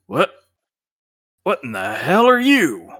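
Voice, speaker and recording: A man's voice: on the high side, huge pitch swings, takes it slowly, a bit bright, breathy edge, pitched above the performer's own voice, exaggerated voice. Man putting on a stammering bandit colonel. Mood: startled. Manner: stammering, flustered.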